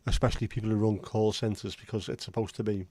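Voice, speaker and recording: A man's voice: fairly low pitch, little pitch movement, quick pace, dark tone, dry recording. A man hosting a livestream in casual, rambling chat, blunt and now and then swearing. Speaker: livestream host.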